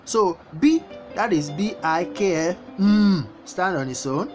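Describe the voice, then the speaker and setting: Woman, language teacher, repeats words slowly, guitar music in the background. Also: lowish voice, animated, darkish tone. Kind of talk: language lesson. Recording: guitar music playing behind the voice.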